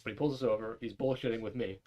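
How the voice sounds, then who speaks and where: A man's voice: mid-range voice, steady tone, quick pace, dark tone, muffled recording. A young man co-hosting a casual talk show, telling a rambling, profane story and acting out the voices of the people in it. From New York area. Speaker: podcast co-host.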